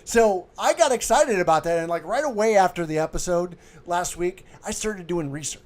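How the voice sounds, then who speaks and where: A middle-aged man co-hosting a casual chat show, rambling and getting excited. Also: high-pitched, moderate pace. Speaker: podcast co-host, clown.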